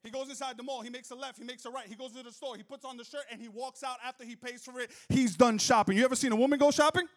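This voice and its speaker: A male pastor preaching a sermon, telling funny stories and joking with the crowd, moving from soft asides to loud shouts. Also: extremely high pitch, steady tone, rapid-fire, few pauses. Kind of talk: sermon with humorous storytelling. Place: church hall with live audience.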